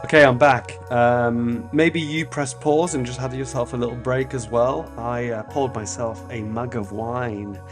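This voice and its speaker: A middle-pitched man from France hosts a podcast in a loose, rambling way. He mocks himself and swears freely, then settles into reading an essay aloud. Faint music plays softly under his voice. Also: fairly even intonation, a little slow, few pauses. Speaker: podcast host.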